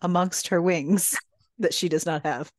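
A woman co-hosting a book club podcast, chiming in with quick, playful asides during a casual recap. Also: on the low side, fairly even intonation, dry recording.

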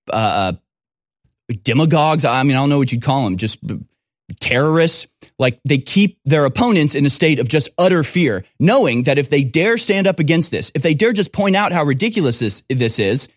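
A man's voice: mid-range voice, dry recording, clean studio sound. Scornful man ranting over news. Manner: scornful, mocking, sarcastic. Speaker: commentary show host. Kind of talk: reading news and ranting commentary.

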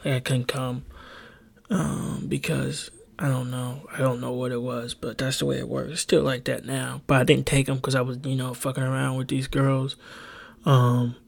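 A man's voice: mid-range voice, level tone, moderate pace, creaky. A young man hosting a solo podcast, talking hesitantly and openly, with many ums and restarts, close to a home microphone. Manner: rambling, hesitant, full of ums and self-corrections. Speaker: podcast host. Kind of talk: solo confessional podcast talk. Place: home bedroom. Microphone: close desk microphone.

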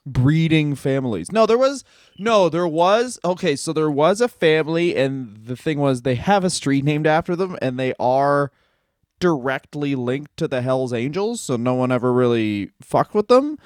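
A man's voice: on the high side, animated, moderate pace, no echo, studio quality. A man co-hosting a comedy podcast, riffing casually and acting out silly quoted voices.

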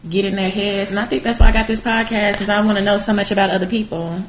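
A woman's voice: mid-range voice, fairly even intonation, quick pace. A woman hosting a podcast, chatting casually and laughing easily with her guest. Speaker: podcast host. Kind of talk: casual interview chat. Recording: echoey room, faint noise.

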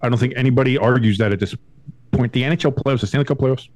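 A man co-hosting a sports podcast from home, animated and profane, who slips into high mocking voices. The sound is close and dry, and his pitch sits in a middle range. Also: quick pace, no room sound. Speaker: podcast co-host. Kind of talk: casual sports chat.

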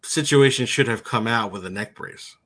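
A man's voice: medium pitch, moderate pace, fairly bright tone. A man co-hosting a sports radio show in casual chat, with dry, laconic replies. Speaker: podcast co-host.

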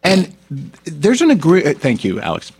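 A man's voice: fairly high pitch, wildly swooping pitch, moderate pace, a little mellow, slightly rough. A man hosting a podcast, a former comedian, ranting in a blunt, profane, indignant way. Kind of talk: casual podcast rant.

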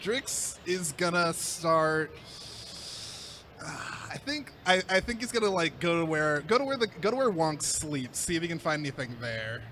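A man's voice: a little high, big pitch swings, moderate pace, bright, forceful tone, a little hiss or hum. A man playing a tabletop game, laid-back and hesitant. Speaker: player.

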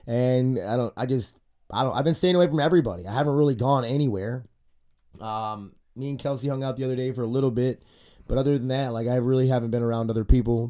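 He speaks at medium pitch in a mellow voice. A forties-aged podcast host, he rambles and curses his way through a casual rant, sounding stuffy and congested because of a cold.

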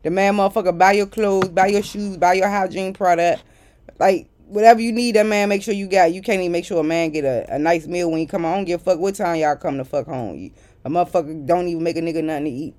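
A woman's voice: fairly low pitch, steady tone, fast talker. Profane, exasperated woman ranting to viewers. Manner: profane, blunt and exasperated, talking straight to viewers; swings between loud outbursts and muttered asides. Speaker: vlogger. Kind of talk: casual storytime rant.

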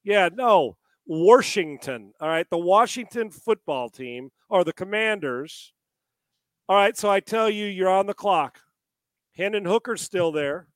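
A man's voice: sits high, animated, measured pace, no echo. A man co-hosting a casual sports talk show, rambling and firing off rhetorical questions.

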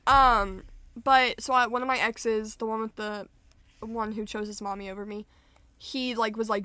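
A woman's voice: a little high, fairly even intonation, moderate pace, sharp tone, no room sound. Frank young woman, dry close sound. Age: young adult. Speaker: podcast co-host. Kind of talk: casual chat.

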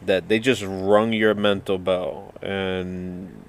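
Slow, low-voiced male podcast host. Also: steady tone, vocal fry, slight background noise. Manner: gentle, probing questions with easy laughs. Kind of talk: interviewing a guest.

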